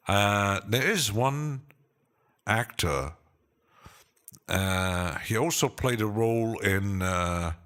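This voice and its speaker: On a relaxed live stream, a low-voiced man responds to his chat very slowly, pausing often, using many fillers, and chuckling now and then.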